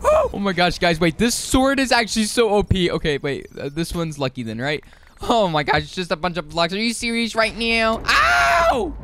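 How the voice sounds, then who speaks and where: A young man giving excitable, frantic gameplay commentary, often yelping and repeating himself. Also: sits high, brisk, a little hiss or hum. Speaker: gaming youtuber.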